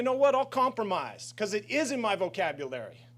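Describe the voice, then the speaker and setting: American guy at a council mic, high voice, heated and pushy. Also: sing-song, a little fast, fairly bright tone. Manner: impassioned, confrontational. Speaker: public commenter. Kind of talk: public comment at a council meeting.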